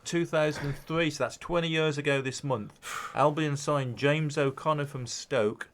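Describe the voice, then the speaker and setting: A man's voice: on the high side, steady tone, normal speed. A man presenting a local radio show in a studio, interviewing a guest in an encouraging, agreeable way and running a quiz.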